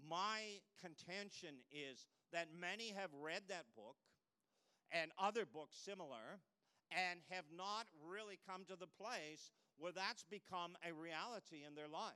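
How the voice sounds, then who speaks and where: A male pastor delivering a sermon with a bright, crisp and resonant voice, pitched a little high for a man. He talks conversationally, telling stories, chuckling at his own jokes and asking the congregation questions.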